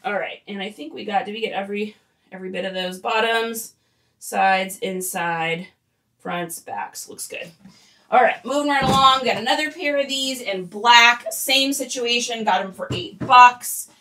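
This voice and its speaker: Chatty woman reseller, bright voice. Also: fairly high pitch, normal speed, far from the mic. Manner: chatty and rambling, with fillers and laughs. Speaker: online reseller. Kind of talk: casual chat while photographing stock.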